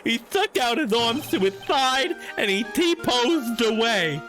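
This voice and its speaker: A man's voice: very high voice, big pitch swings, slow, over music, voice pushed up, full character voice. A man voicing a glum male circus clown in a video game, telling his story with overly earnest drama. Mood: dramatic.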